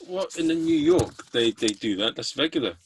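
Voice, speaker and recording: A man's voice: mid-range voice, expressive, normal speed, a little hiss or hum. A man with an English accent hosting a comedy podcast, chatting casually and sharing blunt opinions. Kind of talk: casual podcast chat over a video call.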